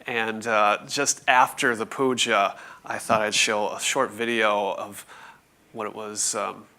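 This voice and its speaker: A man in his forties telling a conference audience a story, halting with many fillers and restarts, with light chuckles. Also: on the low side, level tone, sharp tone. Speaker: conference speaker. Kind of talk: presentation talk.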